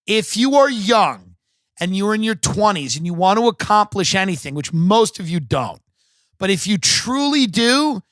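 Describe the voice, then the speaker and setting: A man's voice: high-pitched, a bit bright, no room sound. A man hosting a podcast, ranting in a profane, sarcastic, rambling comedic monologue from his home set. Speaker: podcast host.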